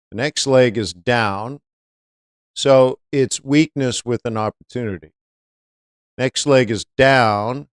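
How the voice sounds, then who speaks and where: A man's voice: medium pitch, smooth, no echo, clean studio sound. A man hosting a live-stream trading lesson, chatty, often asking viewers rhetorical questions. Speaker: trading educator.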